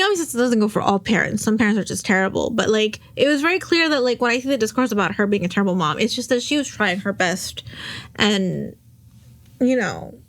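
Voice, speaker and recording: A young woman hosting a podcast, recapping a drama in casual chat, rambling and emotional, close to tears at times. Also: medium pitch. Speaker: podcast host.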